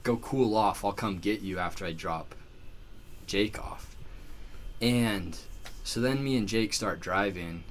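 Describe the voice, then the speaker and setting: Low-voiced man telling a rambling story. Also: slow pace, a little hiss or hum. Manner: animated, filler-heavy storytelling with many "like"s. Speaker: podcast guest telling a story. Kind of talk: casual storytelling chat.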